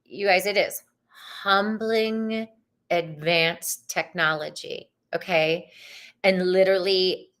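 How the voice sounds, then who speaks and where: A woman's voice: fairly low pitch, fairly even intonation, slow, fairly bright tone. A woman giving tarot readings live, chatting casually with viewers in a bubbly, spiritual way. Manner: chatty, bubbly and spiritual, with frequent likes and ums. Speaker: tarot reader hosting a live stream. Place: living room at home.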